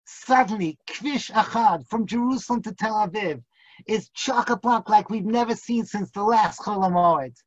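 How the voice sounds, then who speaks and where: A man's voice: sits high, normal speed, dry recording. A man teaching an online class as a rabbi, telling a vivid, suspenseful story and breaking into funny put-on accents. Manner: vivid, builds suspense, hams up national accents for laughs. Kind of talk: dramatic storytelling lecture. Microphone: video call. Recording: dull lo-fi video call audio.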